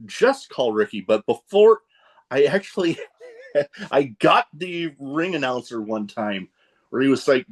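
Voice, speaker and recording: A man's voice: fairly high pitch, very animated, normal speed. A man hosting a podcast, asking questions in a loose, joking way and drifting into tangents. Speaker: podcast host. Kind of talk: casual interview chat.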